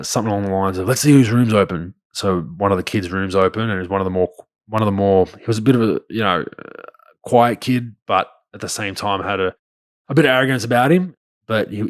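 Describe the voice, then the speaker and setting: A man's voice: sits low, no room sound, clean studio sound. A man in his thirties, a podcast host telling crude, blunt stories in casual talk. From Australia. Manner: blunt, crude, animated anecdotes. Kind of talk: casual storytelling.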